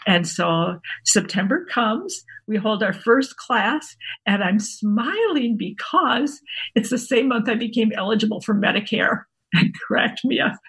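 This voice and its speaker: Gravelly-voiced woman in her sixties. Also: on the high side, expressive, slow pace, a bit bright. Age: 60s. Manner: chatty, laughs often, describes herself as an introvert. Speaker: guest, workshop founder. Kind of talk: casual interview storytelling.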